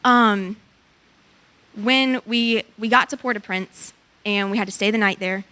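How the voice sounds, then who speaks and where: A woman in her twenties giving a church testimony about a mission trip, telling her story in an animated way and acting out what people said. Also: medium pitch, a little slow, slight background noise.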